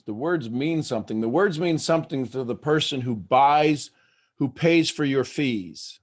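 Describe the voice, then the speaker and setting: A man hosting a motivational talk, firing rhetorical questions at listeners and swinging between hushed asides and loud bursts. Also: medium pitch, measured pace. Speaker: host.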